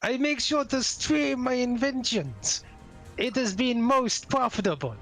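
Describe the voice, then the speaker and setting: A game master voicing a huge, jovial male engineer father who speaks in booming, formal, halting phrases. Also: expressive, a bit bright, faint music behind. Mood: proud.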